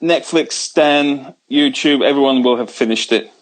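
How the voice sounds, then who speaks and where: A man's voice: medium pitch, a little slow, rough recording. A man from the UK, a comedian guesting on a video chat show, talking in an easygoing, wry, meandering way while holding his phone. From United Kingdom. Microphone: handheld phone on video call.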